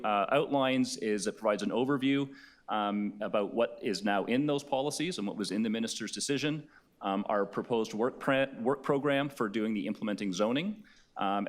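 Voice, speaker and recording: Low-ish guy from city staff, formal briefing, measured with lots of ums. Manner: measured, procedural, with frequent ums.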